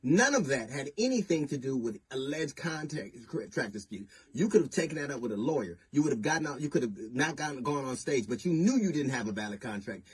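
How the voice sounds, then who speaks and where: A middle-aged man, a comedian, giving a deliberate, emphatic public statement that builds to indignation. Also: medium pitch, lively intonation, slightly rough. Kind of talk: public statement answering accusations.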